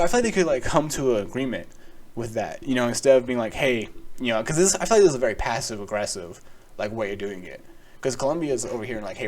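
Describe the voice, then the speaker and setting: A man's voice: on the low side, a little hiss or hum. A young man from the United States hosting a solo podcast, rambling and sarcastic, swearing freely and laughing at his own jokes. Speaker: podcast host.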